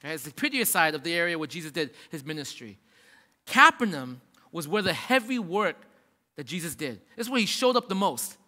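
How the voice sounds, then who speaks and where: Male preacher, high bright voice, casual emphatic sermon, long hall reverb. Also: very animated, fairly quick. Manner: casual, emphatic preaching with many restarts and rising repetitions.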